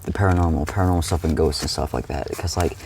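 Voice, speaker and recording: A man's voice: a bass voice, racing, vocal fry, darkish tone, a little hiss or hum. A young man rambling casually as he recounts a dream, full of "like", restarts and swearing. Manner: rambling, heavy use of "like", frequent swearing and restarts. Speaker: streamer.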